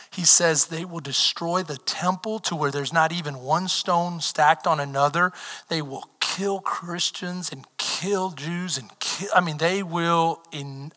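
A man preaching a sermon as pastor, swinging from shouted lines down to near whispers. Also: a little high. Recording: reverberant hall.

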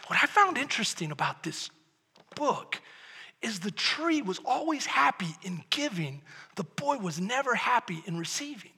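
A male pastor preaching a sermon, impassioned, swinging from shouted peaks to low, hushed lines. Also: sing-song, moderate pace, breathy edge, long reverb tail.

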